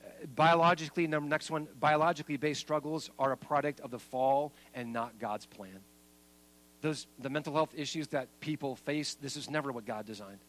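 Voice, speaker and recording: A man preaching a sermon as pastor, making points with lively emphasis. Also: moderate pace, poor audio. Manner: lively and emphatic, then soft and low at the close.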